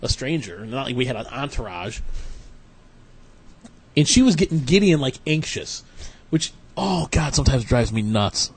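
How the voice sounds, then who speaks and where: A podcast co-host with a medium-pitched voice rambles through his stories in casual conversation, acting out the quoted lines. He's very animated, talks at a normal speed, and pauses often, with a faint hiss or hum behind him.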